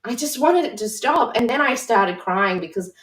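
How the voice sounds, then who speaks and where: A mother leading a discussion session who talks in a candid, reflective, halting way with frequent restarts. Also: fairly high pitch, animated, a bit bright. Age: adult mother. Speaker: session facilitator. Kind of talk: personal sharing in a live-streamed discussion. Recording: roomy echo, voice far from the mic.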